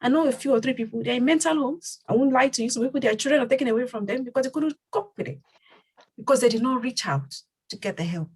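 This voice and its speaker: A fast-talking woman with a high, breathy voice leads her community and hosts a panel. Earnest in tone, she repeats phrases to stress them. The recording is low quality.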